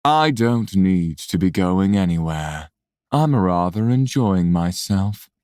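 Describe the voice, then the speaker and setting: A smug, menacing man , as a woman narrator puts him on, drags out every word in a slow, low drawl. The voice is smooth and resonant, sitting far below her own, and it teases more than it threatens. The sound is dry and close. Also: animated, darkish tone, no room sound, exaggerated voice. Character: smug, menacing man who speaks into minds.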